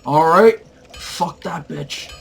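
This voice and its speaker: A man's voice: on the high side, takes it slowly, gravelly, fairly bright tone, slight background noise, voice pushed up, exaggerated voice. A man quoting an exasperated adventurer who keeps swearing while retelling a tabletop game. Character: cursing, fed-up male adventurer.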